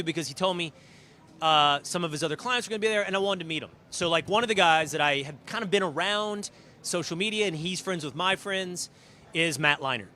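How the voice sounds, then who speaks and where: A middle-aged male host tells backstage stories with animated emphasis, pushing key words hard. His voice sits a bit high and sounds bright and forceful. He talks casually from a green room. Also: fairly quick, slight background noise. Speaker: show host. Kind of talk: casual storytelling and show preview. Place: green room at a live event.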